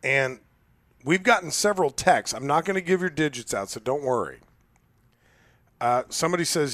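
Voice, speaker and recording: Guy hosting radio, kinda high voice, jokey and deadpan like he doesn't care, studio mic. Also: moderate pace, dry recording. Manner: teasing, offhand, mock-indifferent. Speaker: radio show host. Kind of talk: casual radio banter.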